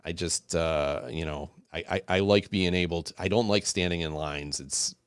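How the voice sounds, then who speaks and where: A man with a very low, deep voice, talking casually as a podcast co-host. He rambles enthusiastically and restarts his sentences often, recorded dry and close. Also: normal speed, clear, resonant tone, dry recording.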